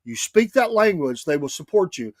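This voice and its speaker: A man with a fairly high voice delivers emphatic opinion on a talk show. He repeats himself, restarts phrases and leans on "I'm gonna tell you." The sound is dry and close to the mic. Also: sing-song, moderate pace, darkish tone, dry recording. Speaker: radio talk show host. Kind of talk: opinionated political commentary.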